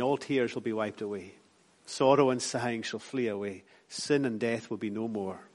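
Scottish preacher delivering an impassioned sermon. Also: male voice, medium pitch. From Scotland. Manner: rhythmic, repetitive preaching with rising emphatic lines and soft drops.

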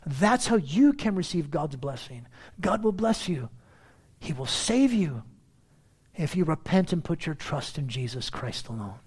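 A man's voice: big pitch swings, a little slow, a little mellow, breathy edge. Man preaching an emphatic sermon. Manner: emphatic preaching, repeating key phrases, rising in pitch for emphasis. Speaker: pastor.

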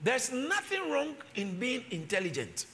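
A man preaching a sermon, shifting from quick low talk to loud shouted emphasis and repeating phrases. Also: wildly swooping pitch.

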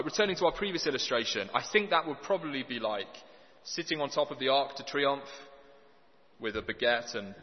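A man preaching a sermon, earnest and conversational with dry humour. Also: medium pitch. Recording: dull lo-fi sound with long hall reverb.

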